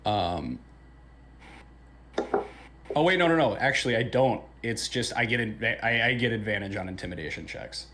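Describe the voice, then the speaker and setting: A man's voice: lowish voice, animated, normal speed, long pauses, sharp tone, a little hiss or hum. A man playing a tabletop game, talking in a hesitant, self-correcting way. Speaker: player.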